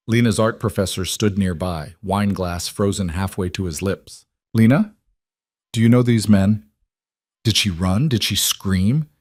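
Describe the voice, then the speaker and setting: A man narrating a scripted romance story in a steady, dramatic manner. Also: fairly low pitch, dry recording, clean studio sound.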